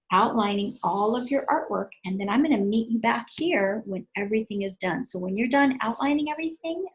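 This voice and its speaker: Gravelly-voiced woman teaching kids to draw. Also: mid-range voice, rough recording. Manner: patient, clear instructions, counting strokes aloud. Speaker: art teacher. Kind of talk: step-by-step drawing lesson for children.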